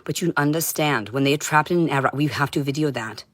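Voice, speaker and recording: A woman streaming a rambling monologue, intense and profane, swinging between shouting and muttering. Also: sits low, fast, dry recording. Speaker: livestreamer.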